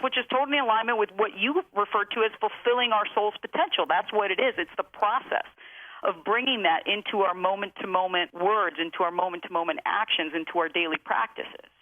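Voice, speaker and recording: A woman telling her story as a guest, emphatic and motivational, slowing down to stress key phrases. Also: medium pitch. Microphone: phone. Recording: tinny phone line.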